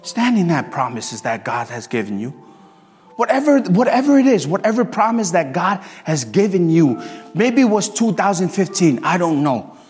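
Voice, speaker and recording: Male preacher, high voice, animated storytelling sermon, long hall reverb, soft music underneath. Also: moderate pace.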